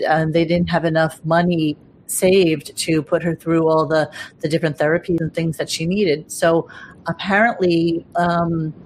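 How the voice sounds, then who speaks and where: A woman's voice: fairly low pitch, a little hiss or hum. A woman hosting a podcast in casual chat, blunt and swearing freely, with plenty of fillers and restarts. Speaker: podcast host.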